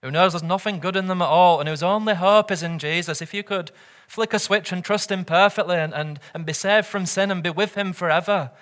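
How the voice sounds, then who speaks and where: A male pastor preaching to his congregation with a bright, somewhat high voice. He speaks earnestly and keeps turning statements into rhetorical questions. He swells louder on scripture and drops nearly to a murmur at the ends of phrases. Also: a little fast. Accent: British or Commonwealth English. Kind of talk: sermon.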